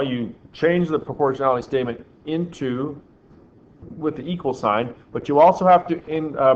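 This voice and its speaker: A man teaching a physics class, quizzing his students and making dry joking asides. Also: mid-range voice. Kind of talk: classroom lecture. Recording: slightly dull classroom recording with faint background hiss.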